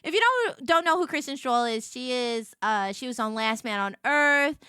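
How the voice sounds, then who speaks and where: A young woman streamer chats her way through a story, tripping over restarts and fillers. Her voice sits high and swings widely, bright and sharp-edged. The sound is dry and close. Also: normal speed, clear, resonant tone, no room sound. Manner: chatty, rambling, many restarts and "like"s; animated, jumps into high voices for quotes. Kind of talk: casual storytelling chat to a stream.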